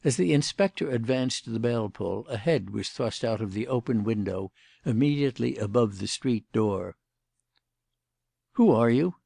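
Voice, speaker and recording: A man narrating a classic detective novel as an audiobook in a steady, unhurried way. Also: medium pitch, creaky, husky, dry recording, clean studio sound.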